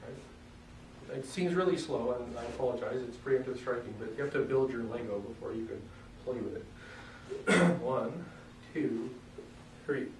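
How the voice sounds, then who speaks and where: A man coaching strikes in a loose, joking, hands-on way, stopping now and then to clear his throat. His voice comes from well away from the mic, bouncing around a roomy space, with a faint hum of ambience behind him. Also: medium pitch, a little slow, far from the mic. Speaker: self-defense instructor. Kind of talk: casual demonstration lesson.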